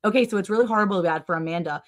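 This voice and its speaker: A woman with a mid-range voice hosts a casual livestream and tells a story to her viewers. She is animated and sarcastic, her pitch leaping up and down, and she scatters "like" through her sentences. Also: very fast. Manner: chatty, with many "like" fillers. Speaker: livestream host.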